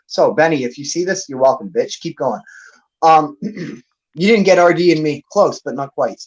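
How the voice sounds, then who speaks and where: High-voiced man ranting angrily. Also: animated, moderate pace, husky, muffled recording. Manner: angry, profane, calling someone out. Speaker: battle rap league host. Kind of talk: heated livestream rant.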